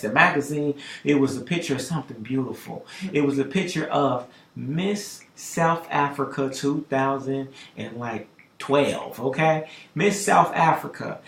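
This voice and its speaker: A man telling a story on a talk show, lively, getting loud and high at dramatic moments. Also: creaky, reverberant. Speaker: podcast host telling a story. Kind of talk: animated storytelling.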